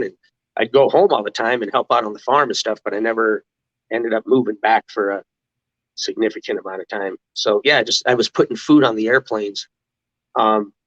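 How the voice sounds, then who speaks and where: A man's voice: medium pitch, a bit bright, no room sound, muffled recording. A middle-aged man from the United States, a guest in an interview, telling casual stories with many restarts and laughs. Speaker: interview guest, former mascot. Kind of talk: casual storytelling.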